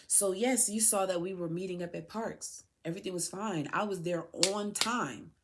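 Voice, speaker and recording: A mother who hosts a podcast speaks emotionally to her son, aggrieved and pleading, repeating things for emphasis. She has a fairly low voice at a moderate pace, and there's slight background noise.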